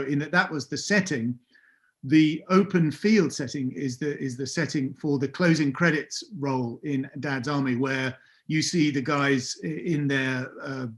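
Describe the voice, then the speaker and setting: A middle-aged man from England telling anecdotes as an interview guest, hesitant, with many fillers and self-corrections. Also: a little high. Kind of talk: casual anecdotal recollection.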